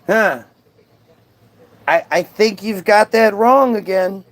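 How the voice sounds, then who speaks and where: A man's voice: high voice, slow pace, a bit bright. A man ranting sarcastically and profanely on a live stream, mocking someone in chat. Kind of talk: heated live-stream rant.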